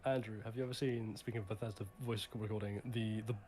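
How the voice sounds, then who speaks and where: A man's voice: fairly low pitch, steady tone, fast, a little mellow. A man telling a rambling story in casual chat on a gaming stream, leaning heavily on fillers. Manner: rambling, heavy with "like" fillers and restarts. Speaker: livestream guest.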